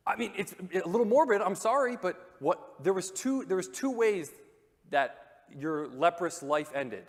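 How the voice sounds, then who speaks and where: A man preaching a sermon in a church auditorium, talking conversationally with joking asides and dropping to hushed, dramatic moments. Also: a little high, big pitch swings, moderate pace. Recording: long reverb of a church hall.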